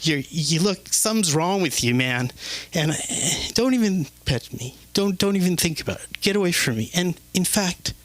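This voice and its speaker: Guy playing snooty judgy cat, scolding, higher voice. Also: animated, normal speed, fairly bright tone, no echo. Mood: disdainful. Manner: disdainful, scolding. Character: grumpy judgmental male house cat.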